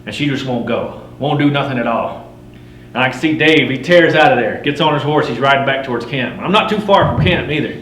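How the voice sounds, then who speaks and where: A grizzled mountain man, played by a middle-aged man, spins a campfire tall tale in a folksy drawl and rough frontier grammar. He swaggers and stays wry, with a voice in the middle range for a man. The room is roomy, with a faint hum underneath. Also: medium pitch, fairly quick, a bit bright, natural voice. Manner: swaggering, wry, chuckling at his own yarns. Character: boastful frontier mountain man, grizzled fur trapper telling tall tales. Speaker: living history storyteller.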